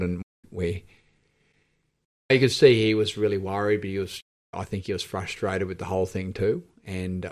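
A low-pitched Australian man speaks as a podcast guest. His telling is candid and reflective, and he often breaks off and restarts mid-thought. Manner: reflective, halting, with frequent restarts. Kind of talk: candid personal storytelling.

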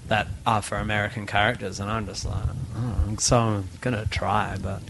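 Man, lowish voice, animated chat. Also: normal speed, a little hiss or hum, rough recording. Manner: animated, laughs often, many restarts and fillers. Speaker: guest. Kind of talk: casual podcast chat.

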